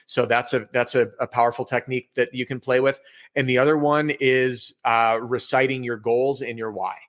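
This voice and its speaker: Brief: candid, energetic man, mid-pitch, a sales trainer guesting on a podcast over a video call. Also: normal speed. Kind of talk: casual podcast interview. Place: home office with bookshelf.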